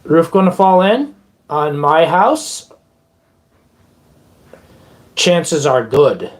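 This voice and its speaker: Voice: medium pitch, big pitch swings, extremely slow. A live streamer chatting casually with viewers in a playful, rambling way, now and then breaking into made-up silly songs. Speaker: livestream host and musician.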